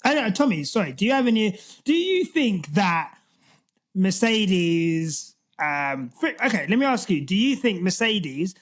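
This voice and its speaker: Lively higher-voiced man. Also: measured pace. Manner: animated, laughing, reads posts aloud. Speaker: podcast co-host. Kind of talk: casual podcast chat.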